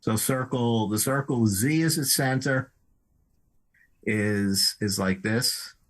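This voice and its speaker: Male math tutor, methodical and hesitant, slow delivery, middle pitch. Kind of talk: explaining a geometry problem.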